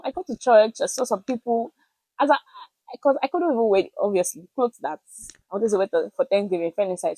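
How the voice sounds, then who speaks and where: A young woman with a Nigerian accent, telling a personal story to camera in a chatty, animated way with pidgin words mixed in. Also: medium pitch, no room sound, rough recording. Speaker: vlogger.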